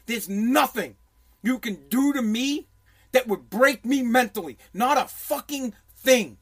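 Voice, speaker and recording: A man's voice: very high voice, unhurried, slightly rough. A man telling a story in a profane, intense rant, often restarting his sentences. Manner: intense, swearing, many restarts.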